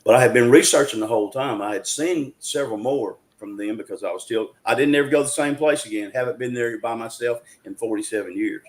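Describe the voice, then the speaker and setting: A man's voice: mid-range voice, quick pace, hardly any pauses. A man, telling a story as an interview guest in an earnest, folksy way, with frequent restarts. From Arkansas, USA. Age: 60s.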